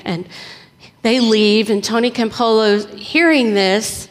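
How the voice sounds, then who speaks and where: A woman preacher telling a story in a conversational, animated sermon. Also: mid-range voice, slow pace. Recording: echoey hall reverb.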